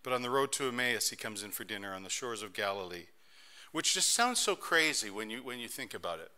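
A middle-aged man preaching a sermon as pastor, telling stories in an animated way that swings between soft and loud. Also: lowish voice, fairly quick.

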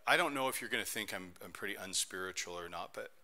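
Middle-aged guy preaching, animated storyteller, gets quiet then loud, bright sharp voice. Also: fairly low pitch, fast talker. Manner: animated storytelling, swinging between soft and loud. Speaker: pastor. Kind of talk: sermon.

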